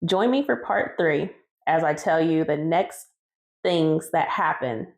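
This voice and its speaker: In a chatty vlog, a woman who bakes cakes at home recounts her story and replays the dialogue. She speaks slowly in a low, gravelly voice whose intonation stays lively.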